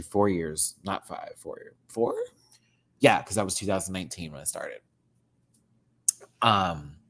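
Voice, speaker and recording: Animated man ranting about a TV show. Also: sits low. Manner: animated, swings from hushed asides to loud exclaiming; laughs often. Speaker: drag show reviewer. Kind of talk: casual commentary rant to camera.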